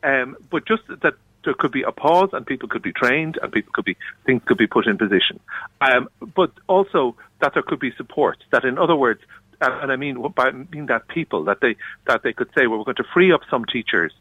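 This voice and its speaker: An Irish man speaking as a union official in a radio interview, earnest and halting, often restarting his sentences. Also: mid-range voice, expressive, breathy edge, dry recording, phone-quality sound.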